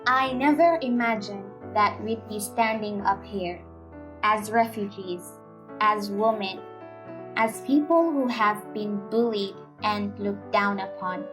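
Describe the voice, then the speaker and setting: A young woman reading a personal story aloud in an earnest, measured way. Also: medium pitch. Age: young adult. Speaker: story reader. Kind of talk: scripted narration.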